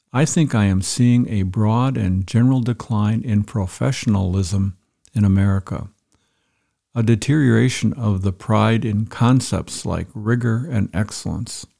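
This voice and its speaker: A man reading passages from an article aloud and reflecting on them in a measured, deliberate way. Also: lowish voice, creaky, mellow. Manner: measured, reads quotes aloud with pauses and emphasis. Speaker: speaker reading and commenting on an article. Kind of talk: reflective spoken commentary.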